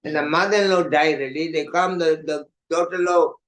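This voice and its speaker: An older man telling stories in an evening class, animated, laughing often and acting out voices, with many "you know" fillers. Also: on the high side, a little fast, low-quality recording. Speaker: monk giving an evening class. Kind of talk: storytelling sermon.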